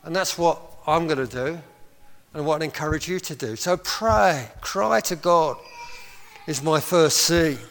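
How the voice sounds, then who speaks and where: A man's voice: fairly high pitch, measured pace, fairly bright tone. A man preaching a sermon as pastor, with impassioned appeals and short laughs between his points. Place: church hall. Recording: long hall reverb.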